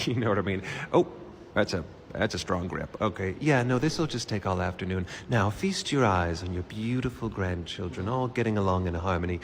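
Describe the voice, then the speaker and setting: A man's voice: low voice, animated, moderate pace, long reverb tail, slight background noise. A man performing a comedic sketch clip, playfully switching between silly characters. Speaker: sketch video creator.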